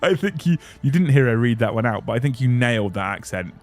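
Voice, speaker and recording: A man's voice: mid-range voice, expressive, fast talker, darkish tone. Blunt, sweary man streaming. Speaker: streamer host reading super chats. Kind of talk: casual livestream rant.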